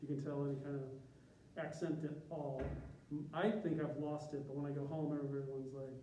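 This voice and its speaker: A man's voice: a little high, little pitch movement, fairly quick, warm tone, dull audio, slight background noise. A man from Chicago, a university graphic artist, giving an informal, self-deprecating talk to a class. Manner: self-deprecating, joking, chatty with tangents. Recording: echoey room from a distance.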